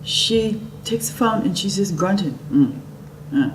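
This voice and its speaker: A woman's voice: mid-range voice, lively intonation, measured pace. A middle-aged woman telling a personal story vividly, acting out what people said. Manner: vivid storyteller who acts out the quotes. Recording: roomy, distant and noisy.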